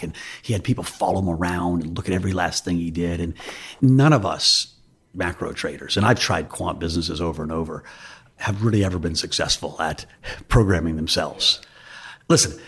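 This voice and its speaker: A man with a low, deeply husky voice talks as an interview guest. He tells loose, self-deprecating stories in a candid, conversational way. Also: a bit bright. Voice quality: raspy. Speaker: investor guest.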